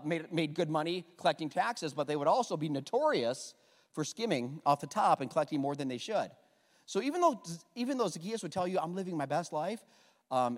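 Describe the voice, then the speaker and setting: A man preaching a humorous sermon as pastor, joking and getting the congregation to repeat lines back. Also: fairly high pitch. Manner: animated, jokey, asks the congregation to repeat lines. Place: church sanctuary. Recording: long hall reverb.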